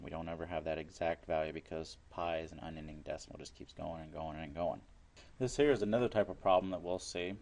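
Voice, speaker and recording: A man's voice: sits low, a little mellow. A man teaching a recorded math lesson, explaining each step plainly and working problems aloud.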